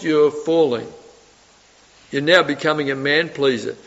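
A man preaching a sermon, putting rhetorical questions to his listeners and swinging between loud emphasis and soft asides. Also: medium pitch, a little slow. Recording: reverberant hall, dull lo-fi sound.

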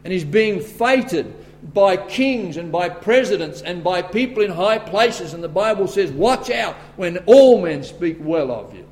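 An Australian man delivers a sermon from the pulpit, his voice sitting high for a man. He reads scripture slowly, then climbs into loud, emphatic warnings before settling back to a plainer teaching tone. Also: animated. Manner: emphatic, rising to forceful bursts. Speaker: preacher.

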